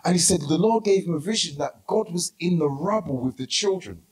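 A man's voice: a little high, lively intonation, a little fast, rough recording. A man in his forties with a London accent preaching a sermon as pastor, telling stories with emphatic repetition and frequent cries of "hallelujah". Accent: London English. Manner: storytelling, punctuated with "hallelujah"; emphatic repetition, sometimes shouting. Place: church hall.

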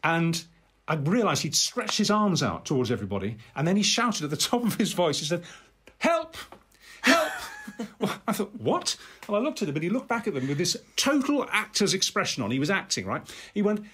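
An older man, a guest on a podcast interview, telling family anecdotes in an animated way, with many restarts and acted-out voices. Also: sits high, fast talker, a little hiss or hum. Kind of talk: anecdotal storytelling.

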